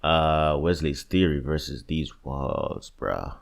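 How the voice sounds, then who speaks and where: A man's voice: extremely low pitch, a little slow, darkish tone. A young man in casual reaction commentary, agonizing over picks between songs, swearing and muttering to himself. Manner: agonized, swears often, talks to himself while choosing. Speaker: music bracket creator.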